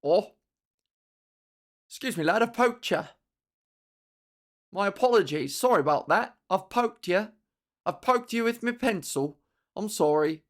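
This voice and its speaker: A woman voicing a jittery Victorian London male killer in an exaggerated mock Cockney voice, louder and lower than her own talk, as a comedic podcast riff. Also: lively intonation, a little slow, pauses often, close to an everyday voice. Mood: apologetic.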